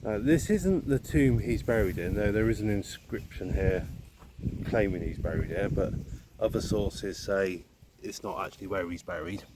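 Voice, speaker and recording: Out on a country walk, a vlogger speaks at a moderate pace in a fairly low voice, with noise in the background. He rambles to the camera in a chatty, wry way, tossing in playful asides.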